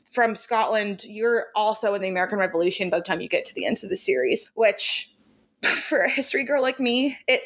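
A woman's voice: a little high, fairly bright tone. Gushing young woman book podcaster. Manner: gushing, emphatic, laughs often. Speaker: podcast co-host. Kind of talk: casual book chat.

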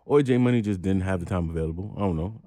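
A man's voice: deep voice, fast talker, dark tone, dry recording. A man co-hosting a podcast, venting bluntly and profanely, his voice climbing when he gets angry. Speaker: podcast co-host. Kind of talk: casual podcast chat.

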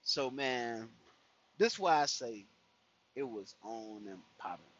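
A man's voice: mid-range voice, animated, slow pace, fairly bright tone. A man telling a personal story in casual, profane street slang, acting out the people he quotes. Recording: dull lo-fi recording.

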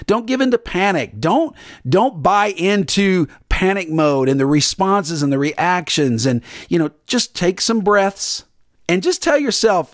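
A man's voice: fairly high pitch, sing-song, measured pace, no room sound, clean studio sound. A middle-aged man, preaching an earnest, repetitive devotional sermon on his podcast and acting out panicked voices. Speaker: pastor podcast host.

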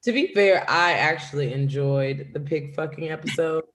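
A woman's voice: low voice, moderate pace, a little hiss or hum. A woman comedian co-hosting a podcast, playful and bold as she riffs on absurd bits. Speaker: comedian co-host. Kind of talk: casual comedy podcast chat.

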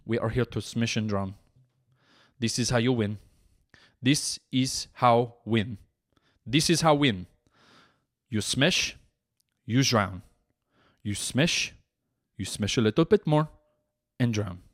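Comic doing a grim foreign brute athlete, flat and soft, broken English, podcast bit. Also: male voice, mid-range voice, slow pace, pauses often, no room sound, clean studio sound. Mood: deadpan. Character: blunt Kazakh swimmer-wrestler, grimly single-minded.

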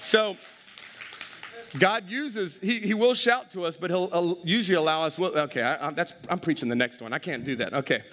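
Energetic high-voiced male pastor preaching. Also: normal speed, in a large hall. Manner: energetic, humorous, rising to shouts. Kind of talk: sermon. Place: large church.

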